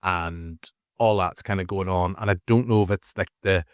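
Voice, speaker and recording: A Northern Irish man co-hosting a movie review podcast, rambling casually with restarts and animated asides. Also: deep voice, normal speed, smooth, no echo, studio quality. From Northern Ireland. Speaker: podcast co-host.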